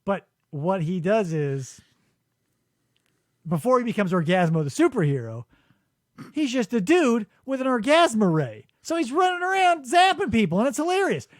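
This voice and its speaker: A man hosting a podcast, telling a story in animated casual chat and laughing often. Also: high voice, no echo, studio quality. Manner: animated, jumps into quick voices and laughs a lot. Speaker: podcast host. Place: radio studio.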